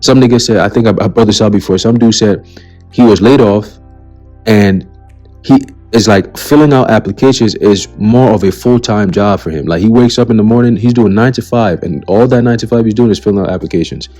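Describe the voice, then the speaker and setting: A man's voice: lowish voice, a little fast, dark tone, soft background music. Profane, preachy male ranter. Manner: blunt, profane and heated, repeats "okay?" as a tag; preacherly, warns of coming doom. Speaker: commentary channel host. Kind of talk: ranting commentary on a list of news items.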